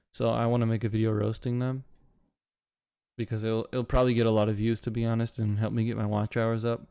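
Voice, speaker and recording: Laid-back young man, mellow and dry. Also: mid-range voice, smooth, dry recording. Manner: rambling, swears casually, reads chat aloud. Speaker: streamer. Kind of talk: casual live-stream chat. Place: home, city with bootcamps he attended.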